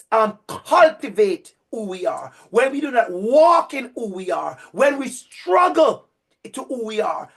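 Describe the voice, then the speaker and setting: High-voiced man with a Jamaican accent. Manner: emphatic, preacher-like repetition. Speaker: university lecturer. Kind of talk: lecture to a teacher cohort.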